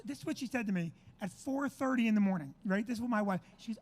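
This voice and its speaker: A man's voice: sits high, fast talker. Brash profane male comic storyteller. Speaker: comedian host. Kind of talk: storytelling chat.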